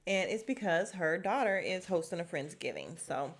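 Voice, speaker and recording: A woman's voice: lowish voice, sing-song, normal speed. A woman hosting a podcast, recapping a reality show in casual, blunt, profane chat and laughing often. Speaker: podcast host.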